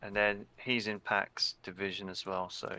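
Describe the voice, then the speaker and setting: Wargame player guy, kinda low bright voice, hems and haws, dry close sound. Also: level tone, normal speed. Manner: hesitant, repeats words while deciding. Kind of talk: casual chat over a tabletop wargame.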